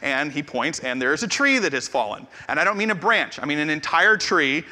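A man in his forties, a pastor telling a humorous, self-deprecating story in an animated way, in a large hall. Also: on the high side, brisk. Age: 40s. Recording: echoey hall reverb.

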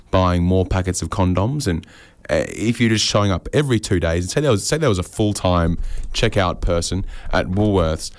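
A man's voice: low voice, no echo. A man rambling through a comic monologue with dry, self-mocking asides. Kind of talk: comedic monologue.

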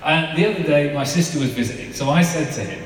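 A man's voice: fairly high pitch, fast. A man in his thirties delivers a casual, story-filled sermon. His voice rings through a large reverberant hall, picked up from some way off with a faint hiss behind it. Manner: chatty, conversational, with frequent fillers and laughs. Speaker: preacher. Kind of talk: informal sermon with family anecdotes. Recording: echoey hall, mic at a distance.

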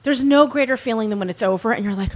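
A woman's voice: on the high side, fast. A woman and parent chatting casually, telling stories and acting out her own reactions. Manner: animated storytelling, acts out her own reactions. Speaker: podcast guest, parent. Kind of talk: casual chat.

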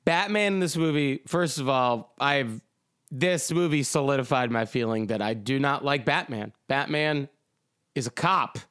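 A man's voice: medium pitch, a little slow, fairly bright tone, smooth, no room sound, studio quality. A man co-hosting a casual podcast chat about movies, rambling and joking with loose swearing. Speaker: podcast co-host.

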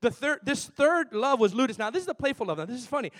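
Animated high-voiced male preacher. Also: fast. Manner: animated, playful, shifts from loud to soft. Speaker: pastor. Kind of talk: sermon.

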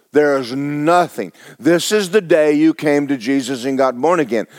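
A man's voice: fairly high pitch, no echo, studio quality. A man preaching a sermon as pastor, talking to his congregation with rhetorical questions. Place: church sanctuary.

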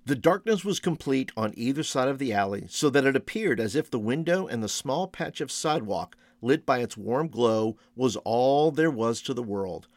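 A man reading a Christmas storybook aloud, slow and expressive, like a storyteller. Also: medium pitch, no echo. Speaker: storybook reader.

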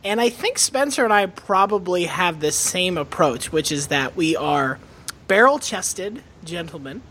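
Bright, lively-voiced man on a podcast. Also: sits high, a little slow, a little hiss or hum. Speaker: podcast co-host. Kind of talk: casual comedic chat.

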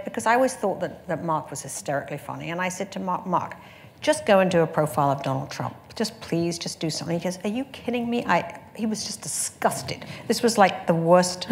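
A woman magazine editor in a panel conversation, telling brisk, chatty anecdotes and laughing often. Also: sits low, slight background noise.

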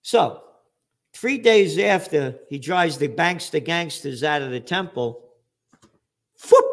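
A man giving an angry, profane political rant with sarcastic jabs and sudden shouted outbursts. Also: fairly high pitch, expressive, slow pace, long pauses. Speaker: commentator.

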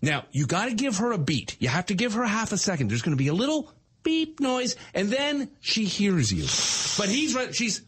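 A middle-aged man tells a story in casual chat, acting out the other voices. His pitch swings widely and sits fairly high. His voice has a slight husk. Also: normal speed, slightly rough. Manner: animated, acts out voices.

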